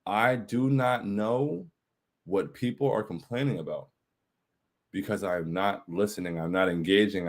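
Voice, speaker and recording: A man hosting a casual livestream chat, reading viewer comments and answering in an emphatic, slangy way. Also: low-pitched. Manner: hype, emphatic, repeats phrases, slangy.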